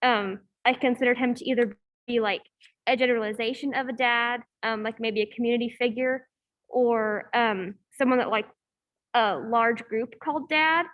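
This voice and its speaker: Young woman on a class video call, kinda high voice, lots of ums and likes, echoey room. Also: moderate pace, lo-fi sound. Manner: hesitant, many ums and likes. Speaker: student. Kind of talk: class discussion presentation. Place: room in a campus hall, echoey.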